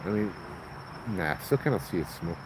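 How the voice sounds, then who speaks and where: A man's voice: deep voice, expressive, moderate pace, noisy background. A man with a Hawaiian Pidgin accent, from Hawaii, telling ghost stories in a loose, laughing, slangy way outdoors at night by a road. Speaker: ghost story host. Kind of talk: casual storytelling livestream.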